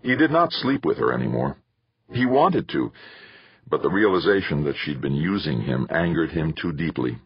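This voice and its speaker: A man narrating an audiobook in a measured, expressive way. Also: rumbling low, gravelly, slightly rough, no room sound, dull audio. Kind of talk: scripted narration.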